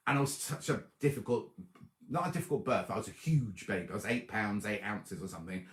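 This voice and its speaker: A man's voice: on the low side, a little fast, a bit bright, echoey room. A man, hosting a sewing livestream and chatting casually as he reads out viewers' comments and thanks them by name. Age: 50s. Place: home room before a dark wall.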